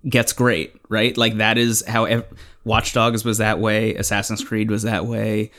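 A man's voice: fairly low pitch, completely flat delivery, unhurried, fairly bright tone. A man co-hosting a podcast, chatting casually and rambling with lots of fillers and the odd swear. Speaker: podcast co-host. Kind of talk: casual chat.

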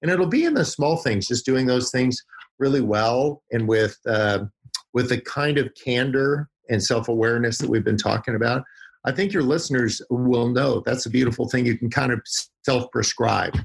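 A man with a husky, slightly rough voice speaks as a podcast guest. He talks in a folksy storytelling way and leans on vivid images. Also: medium pitch, normal speed. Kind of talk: podcast interview.

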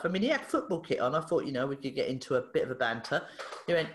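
A woman, a therapist guest on a podcast, telling a story in a lively way, acting out the dialogue and laughing often. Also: fairly low pitch, fast. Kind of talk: animated storytelling in an interview. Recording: echoey room.

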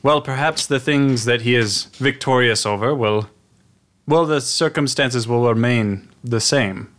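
A man's voice: medium pitch, unhurried, fairly bright tone, lightly acted. A man voicing a pompous, theatrical male traveler in a tabletop game, speaking in a grand, soothing manner.

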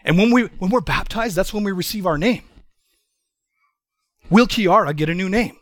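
A man's voice: high voice, normal speed, no echo, voice pushed up, natural voice. A man voicing his tough, skeptical anarchist friend in a retold story, speaking bluntly and questioningly in close to his own voice. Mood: earnest.

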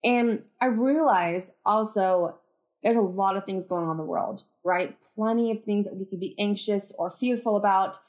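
A woman's voice: medium pitch, moderate pace, darkish tone. A woman hosting a podcast, talking to her listeners about faith in a chatty, earnest way, full of "like" and "you guys", and declaring things with conviction. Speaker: podcast host. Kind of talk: casual faith talk to listeners.

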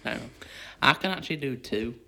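A man with a bright, crisp voice hosting a casual podcast. He sounds upbeat when he reads the questions aloud. He tells his own stories in a plain, easygoing way. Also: mid-range voice, expressive, quick pace. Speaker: podcast host.

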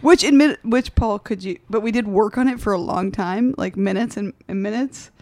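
A woman's voice: medium pitch, moderate pace, darkish tone, dry recording. A young adult woman co-hosting a casual podcast, telling a story in a rambling, self-deprecating way with frequent laughs. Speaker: podcast host.

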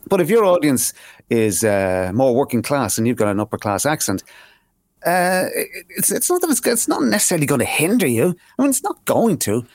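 A quick-talking man, chatting on a podcast. He is animated and jokey, and often stumbles over repeated words when he gets excited. The sound is close and dry, with no room around it. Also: a little high, no room sound. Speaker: podcast co-host. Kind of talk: casual podcast chat.

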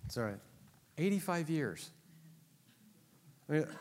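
Slow-speaking man lecturing in a reverberant hall. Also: medium pitch. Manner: joking, teasing the audience. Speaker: Bible teacher. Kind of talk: classroom lecture. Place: classroom with an audience.

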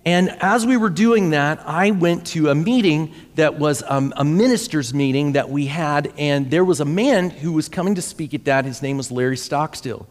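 A man's voice: a little high, moderate pace, hardly any pauses, in a large hall. A pastor in his forties tells a story in a conversational sermon style and often repeats words as he goes. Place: church sanctuary.

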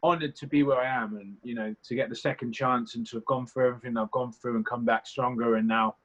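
In slightly muffled lo-fi audio, a young man who was a reality competition contestant appears as an interview guest. His medium-pitched voice is steady, quick, and fairly bright as he rambles in a casual, candid way, swearing now and then.

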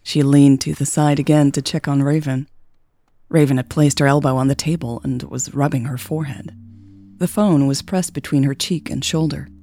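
A woman reading a serialized romance story aloud in a gentle, even storytelling manner. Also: low voice, moderate pace. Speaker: podcast narrator. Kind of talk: scripted narration of a romance story.

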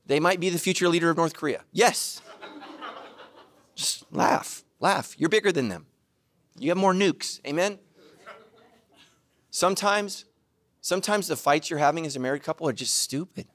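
A middle-aged man preaching a sermon as pastor, joking, laughing at himself and breaking into loud shouted asides. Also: a little high, moderate pace, long pauses.

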